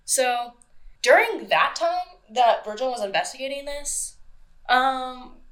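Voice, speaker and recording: A woman's voice: high-pitched, lively intonation, slow, fairly bright tone. Chatty young woman telling a true-crime story. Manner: loose, profane storytelling with acted-out quotes. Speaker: podcast host. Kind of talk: casual true-crime chat.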